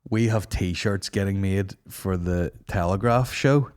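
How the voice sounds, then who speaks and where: Sweary podcast host. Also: male voice, deep voice, takes it slowly, smooth. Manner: sweary, animated banter. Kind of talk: casual chat.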